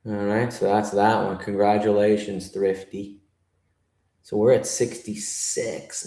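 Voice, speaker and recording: A man's voice: lowish voice, flat delivery, takes it slowly, vocal fry, dark tone, reverberant. A man from New York hosting a live trading stream, griping and swearing as he talks to his chat. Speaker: livestream trader host.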